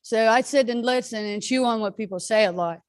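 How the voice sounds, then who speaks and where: A woman speaking as a parent at a school board meeting's public comment, halting with many fillers and restarts and sounding frustrated. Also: fairly high pitch, dry recording.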